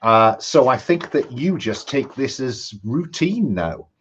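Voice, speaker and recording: A man narrating a tabletop game as game master, measured and pausing on frequent ums. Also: mid-range voice, animated, fairly bright tone, muffled recording, a little hiss or hum.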